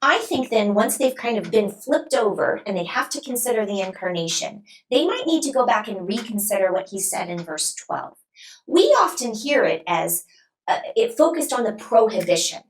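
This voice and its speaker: A woman guest, a New Testament scholar, explaining scripture in an emphatic, expressive way and acting out quoted speech. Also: medium pitch, moderate pace, rough recording.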